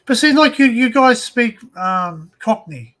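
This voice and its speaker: An Australian man with a high voice hosting a casual live stream chat, rambling and restarting his sentences often. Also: lively intonation, unhurried, fairly bright tone, low-quality recording. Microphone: desktop USB mic.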